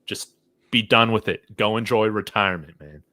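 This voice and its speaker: Low-voiced podcast dude, blunt and fed up, dry close mic. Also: male voice, moderate pace, sharp tone, no echo. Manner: blunt, exasperated, uses "man" and "dude". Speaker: podcast co-host. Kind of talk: casual sports podcast chat.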